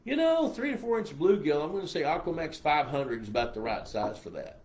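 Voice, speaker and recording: This older man speaks with a Texas accent in a slightly high, darkish voice, talking fairly quickly with big swings in pitch. Hosting a relaxed live stream, he rambles folksily through viewer comments and questions.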